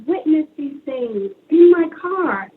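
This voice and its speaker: High-voiced woman from Brooklyn on a phone line. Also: slow. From Brooklyn, New York. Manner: animated storyteller who acts out dialogue. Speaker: guest author. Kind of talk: phoned-in radio interview. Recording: tinny phone line with faint hiss.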